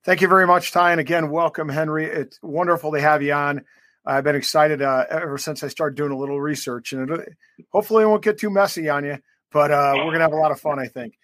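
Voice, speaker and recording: A man's voice: fairly high pitch, fairly even intonation, fast, a bit bright. A man co-hosting a rugby podcast, chatting casually and rambling with fillers. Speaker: podcast co-host. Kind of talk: casual interview banter.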